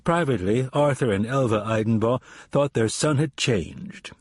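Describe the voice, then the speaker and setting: Male audiobook narrator, husky timbre, mid pitch, measured thriller read, dry. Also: no room sound. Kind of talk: scripted narration.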